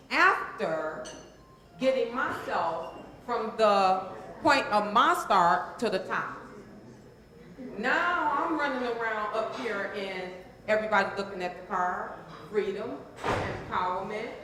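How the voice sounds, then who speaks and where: With a fairly high pitch and sharp tone, this transformational coach delivers an emphatic motivational talk using call-and-response with her audience, recorded in a very echoey room.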